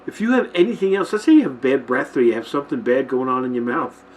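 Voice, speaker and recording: A man's voice: medium pitch, expressive, fast talker, a little hiss or hum, low-quality recording. A man hosting a Christian teaching show, talking informally to his camera and checking in with listeners often. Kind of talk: informal Bible-themed talk to camera. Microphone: camera mic, filming himself.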